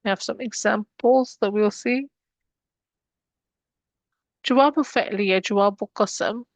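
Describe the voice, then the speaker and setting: A woman's voice: medium pitch, normal speed, no echo. Woman, grammar teacher, patient step-by-step explaining, dry close sound. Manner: explains steps patiently, mixing English with Arabic terms. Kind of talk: online grammar lesson.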